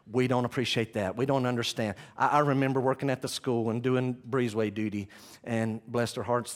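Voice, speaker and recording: A man preaching a sermon as pastor, swinging from loud impassioned passages to soft hushed ones, with self-deprecating asides as he reads from his notes. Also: mid-range voice.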